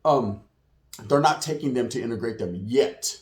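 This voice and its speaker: A man hosting a casual street news monologue, slangy and streetwise, with a slightly hoarse voice. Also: medium pitch, lively intonation, normal speed. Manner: streetwise, slang-heavy, acts out quotes in put-on voices. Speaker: channel host, street news commentator. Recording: roomy echo.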